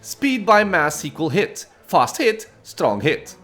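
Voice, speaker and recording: A man voicing a proud male dwarf fighter who speaks in slow, clipped, guttural phrases, in a video game. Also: high-pitched, sing-song, bright, forceful tone, faint music behind, heavily acted. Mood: gruff. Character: gruff male dwarf fighter, proud, terse broken speech.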